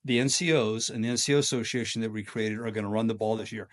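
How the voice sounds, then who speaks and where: A middle-aged man telling stories as a podcast guest in a casual, energetic way, often breaking into quoted voices. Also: fast, hardly any pauses. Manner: energetic, acts out quoted voices with big pitch jumps. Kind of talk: casual storytelling.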